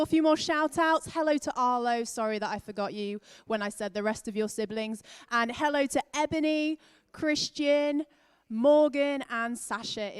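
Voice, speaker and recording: A woman's voice: sits high, clean tone, dry recording, clean studio sound. A young woman hosting a children's church session online, chatty and upbeat with a slightly scattered delivery.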